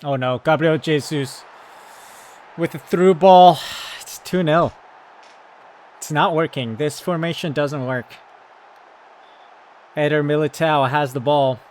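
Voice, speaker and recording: A man giving excited live commentary on his football management game, yelling at his players, then calmly talking through tactics. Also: a little high, a little slow, long pauses. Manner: excitable, shouts at the team, then calm tactical talk. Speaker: gaming YouTuber.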